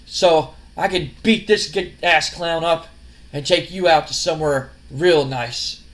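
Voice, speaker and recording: A man's voice: a little high, a little slow, fairly bright tone. A man voicing a cocky male wrestler who trash-talks and boasts in a casual let's-play retelling. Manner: boastful, insulting.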